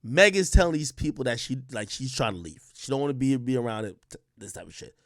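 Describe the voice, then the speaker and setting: A man's voice: mid-range voice, big pitch swings, fast, no echo, clean studio sound. A man giving blunt, profane reaction commentary to an interview clip, talking straight to his viewers.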